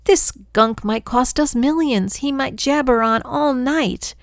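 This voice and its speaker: A woman's voice: sits low, huge pitch swings, takes it slowly, gravelly, fairly bright tone, dry recording, clean studio sound, full character voice. An older woman voicing a frantic little girl in a storybook read-aloud, shrieking and panicky.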